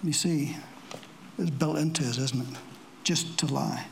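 A preacher giving a sermon to a congregation, talking plainly with rhetorical questions and dry asides, slowing down for scripture quotes. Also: mid-range voice, vocal fry, slight background noise, poor audio. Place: church service before a congregation.

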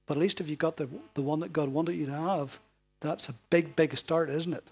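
Before a congregation in a church hall, a man gives an easygoing, conversational sermon, checking in with tag questions as he goes. His voice is fairly high for a man, slightly rough, brisk and fairly even in intonation, with soft music faintly behind him.

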